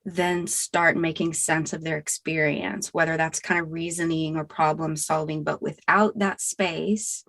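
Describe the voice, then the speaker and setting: Calm, low-voiced woman clinician. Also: a little slow, vocal fry, hardly any pauses, no echo. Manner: calm, explanatory, gentle. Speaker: guest clinician. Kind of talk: casual panel discussion.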